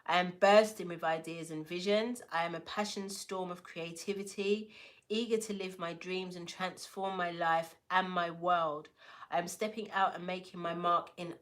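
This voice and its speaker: A woman's voice: on the low side, steady tone, moderate pace. A woman giving a casual oracle card reading, playful and affirming, with slangy asides to her viewers. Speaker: tarot and oracle card reader.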